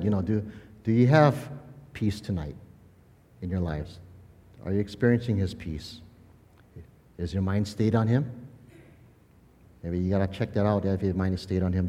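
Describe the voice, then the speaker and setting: A man preaching as a pastor, telling a lively personal story with laughs, then turning quiet and earnest. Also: low voice, in a large hall.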